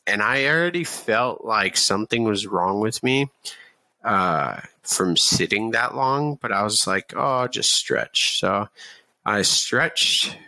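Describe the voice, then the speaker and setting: A man in his thirties tells a story in a slow, unhurried drawl, loose and full of fillers. His voice is low and gravelly. The sound is close and dry, with no room echo. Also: expressive, pushed and bright. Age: 30s. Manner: laid-back, swears freely, many fillers. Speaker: podcast guest. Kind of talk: casual storytelling.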